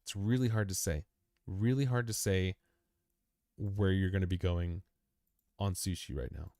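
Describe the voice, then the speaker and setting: Speaking a little slowly in a low, warm voice, this young man hosts a crypto chart livestream recorded at studio quality without echo. He talks casually through the price charts, repeating phrases and calling the chart "you," with plenty of "man," "dude," and "bro" for listeners.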